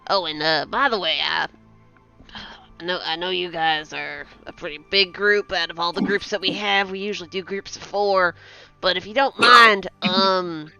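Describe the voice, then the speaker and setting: A woman's voice: lowish voice, moderate pace, creaky, bright, forceful tone, faint music behind. A woman voicing a rambling guild master. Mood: apologetic. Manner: rambling, hesitant, stammering. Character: male guild master, casual and apologetic. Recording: dull lo-fi sound.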